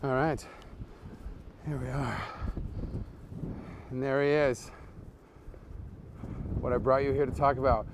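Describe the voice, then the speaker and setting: A man giving a joking live-streamed walking tour outdoors at night, reeling off absurd fake facts in a deadpan way and greeting viewers as he strolls, recorded on a handheld phone. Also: medium pitch, takes it slowly, pauses often, background noise. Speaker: comedy tour guide.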